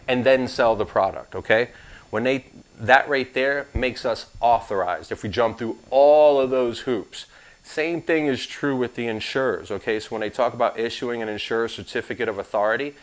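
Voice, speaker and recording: A man's voice: lowish voice, a bit bright, low-quality recording. A man teaching a live insurance licensing class, talking through the material in a casual, conversational way with frank asides.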